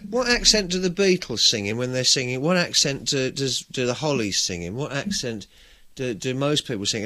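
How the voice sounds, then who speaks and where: English male host, rambling and opinionated, pitch rising and falling a lot. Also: bright, forceful tone. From England. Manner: rambling, chatty, frequent restarts. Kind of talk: casual opinionated monologue.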